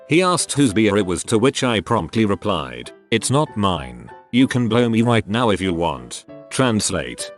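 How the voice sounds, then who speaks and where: A man with a fairly low voice reads short funny stories aloud, his pitch rising and dipping with each line. Faint music plays softly behind him. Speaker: narrator reading online posts. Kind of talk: scripted narration.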